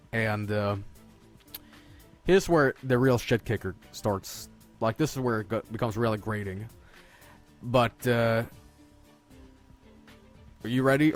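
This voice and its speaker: Rambling, cursing male streamer. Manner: profane, rambling storytelling with many restarts; gets loud and high-pitched when worked up. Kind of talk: rambling comic rant. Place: home streaming setup.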